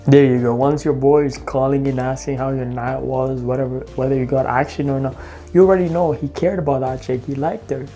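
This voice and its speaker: Homem de voz suave dando conselhos. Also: male voice, mid-range voice, flat delivery, a little fast, warm tone, soft background music. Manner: emphatic, advice-giving. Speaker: podcast co-host. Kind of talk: casual reaction commentary.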